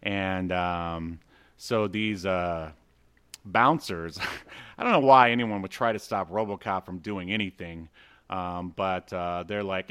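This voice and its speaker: Low-voiced man rambling about comics. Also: takes it slowly, fairly bright tone, clean tone. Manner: rambling, lots of fillers, reads dialogue aloud. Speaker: podcast co-host. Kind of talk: casual comic book chat.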